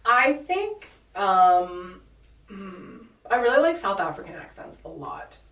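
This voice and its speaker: A woman's voice: medium pitch, sing-song, slow pace, a bit bright. Giggly chatty woman podcast co-host. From Washington State, US. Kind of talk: casual chat. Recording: echoey room, mic at a distance.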